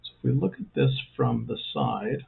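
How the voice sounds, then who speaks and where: A man's voice: mid-range voice, huge pitch swings, normal speed, gravelly, breathy edge. A man hosting a casual step-by-step hobby tutorial, talking in a rambling way with self-mocking jokey asides. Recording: thin phone-like sound.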